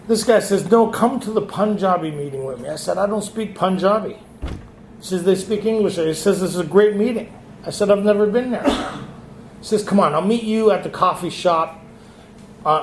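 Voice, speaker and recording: Man at a recovery retreat, high voice, echoey room with faint hiss; tells his story and acts out the dialogue. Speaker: retreat speaker. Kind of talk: recovery meeting share. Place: meeting hall.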